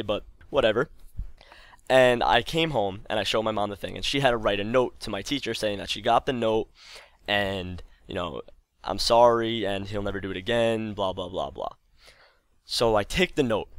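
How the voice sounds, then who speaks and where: A young man recounts an amusing childhood tale in a relaxed way for his channel, jumping sharply in pitch to play himself and his mom. His voice comes across a bit bright, with no room sound.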